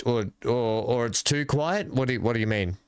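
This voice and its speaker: A man hosting a live stream, talking casually and haltingly into his desk microphone while he fixes his audio. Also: medium pitch, clean tone. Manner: halting, mumbling, fixing his mic. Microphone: desk microphone with filters.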